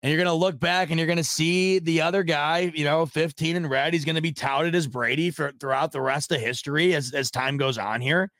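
A man's voice: on the high side, steady tone, fairly quick, hardly any pauses, fairly bright tone, dry recording, clean studio sound. Frustrated man ranting on a podcast. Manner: frustrated, rambling, self-deprecating, swears. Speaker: podcast host. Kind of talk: casual sports podcast rant.

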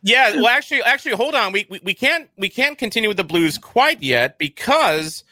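Animated, bright-voiced podcast host man. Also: sits high, normal speed, dry recording. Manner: animated, stumbling restarts, joking. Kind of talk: casual podcast chat.

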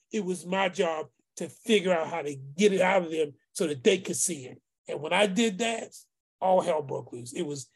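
Gravelly, husky man telling a story. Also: high-pitched. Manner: emotional, animated, acts out dialogue. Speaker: group call participant, former youth worker. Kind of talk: heartfelt storytelling among friends.

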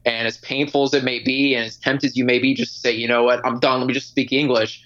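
A man's voice: medium pitch, flat delivery, fast, a bit bright. Easygoing man on a dull, lo-fi mic. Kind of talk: casual conversation.

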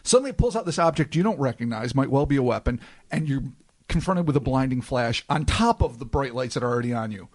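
A man's voice: mid-range voice, animated, fast talker, a little mellow. A man co-hosting a podcast, talking in an emphatic, speculative way and swearing casually. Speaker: podcast co-host. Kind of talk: casual chat.

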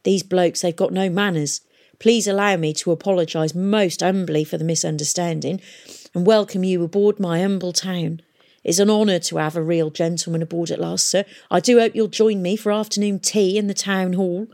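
A woman's voice: lowish voice, fairly even intonation, normal speed, a little mellow, natural voice. Woman putting on a blustering pirate mayor. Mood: fawning. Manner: blustering, crude working-class speech. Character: rough, volatile male pirate town mayor.

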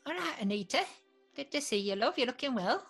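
A woman's voice: high voice, lively intonation, a little fast, vocal fry, a bit bright, faint music behind, voice pushed up, exaggerated voice. A woman voicing a kindly, fussing old grandmother mushroom who calls everyone love. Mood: doting.

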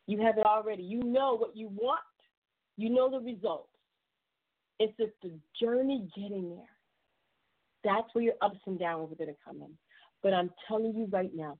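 A woman's voice: mid-range voice, moderate pace. A woman hosting a casual radio show, effusive and encouraging, laughing often as she chats with callers. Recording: tinny phone-like line.

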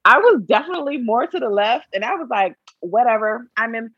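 Woman chatting w friends, bit husky, voice jumps all over, dry close sound. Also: a little high, fairly quick, dry recording, lo-fi sound. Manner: animated, laughs often, acts out quotes. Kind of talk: casual group chat.

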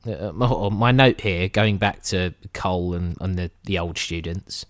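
A man's voice: deep voice, steady tone, measured pace, dry recording, clean studio sound. A man co-hosting a podcast, chatting casually about films, laughing often and swearing with rambling asides. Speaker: podcast co-host reviewing films. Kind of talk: casual chat.

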